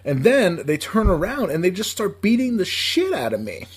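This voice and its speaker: A man's voice: high voice, wildly swooping pitch, moderate pace. A man in his thirties from upstate New York, co-hosting a podcast and telling a long story in a casual, profane, rambling way, laughing often. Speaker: podcast co-host.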